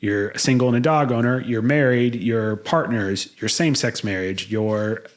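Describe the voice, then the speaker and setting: A man in his thirties co-hosting a podcast, talking in a blunt, profane way and getting fired up easily. His voice sits in an ordinary middle pitch. He speaks casually and freely. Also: normal speed. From United States. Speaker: podcast co-host. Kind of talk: casual chat.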